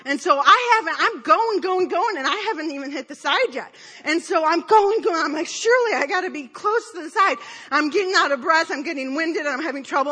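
Lady giving a chatty sermon, high bright voice, rambles thru a funny story about herself. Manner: rambling storyteller with many fillers and asides; self-deprecating, laughing at herself. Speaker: speaker at church. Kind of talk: conversational sermon with personal story.

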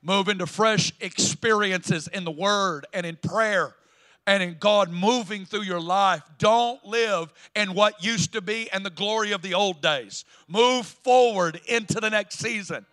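High, bright-voiced Southern preacher man. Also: unhurried. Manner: emphatic preaching, building to loud declarations. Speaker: pastor. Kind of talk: sermon. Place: church sanctuary.

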